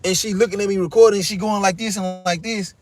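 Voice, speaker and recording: A young man telling a story in a casual, animated rant, swearing often and repeating himself. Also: sits high, quick pace.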